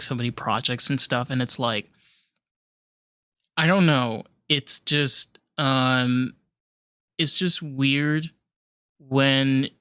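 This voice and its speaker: A man's voice: mid-range voice, bright, forceful tone, smooth, no room sound, studio quality. A man hosting a podcast interview, talking in a loose, rambling way with many fillers. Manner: rambling, lots of likes and restarts. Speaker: podcast host. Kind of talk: casual interview chat.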